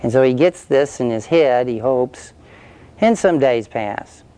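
A man's voice: medium pitch, expressive, unhurried, warm tone, smooth. A male preacher telling an illustration story in a conversational sermon, then leading a prayer.

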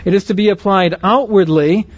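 A man with a somewhat high voice teaches a Bible lesson earnestly and explanatorily at a moderate pace, often tossing out short rhetorical questions to make sure listeners are following. The recording is dry, a bit dull, and has no room sound.

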